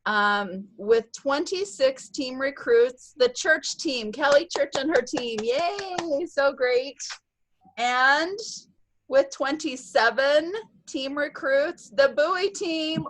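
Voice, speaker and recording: A bubbly woman hosts a virtual team meeting over a video call, cheering on her team between announcements. Her voice sits a little high, and the sound is close and dry. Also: animated, slow pace, fairly bright tone, no room sound, poor audio. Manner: bubbly, cheers and whoops often. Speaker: sales team leader hosting a virtual meeting. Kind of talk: upbeat online meeting announcements.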